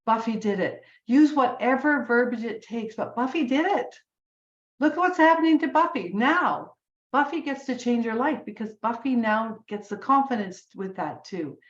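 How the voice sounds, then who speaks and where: A woman's voice: fairly high pitch, lively intonation, normal speed, reverberant, lo-fi sound. A woman in her sixties giving an urging motivational talk, repeating phrases for emphasis. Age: 60s. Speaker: business team leader. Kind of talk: motivational speech on a group call.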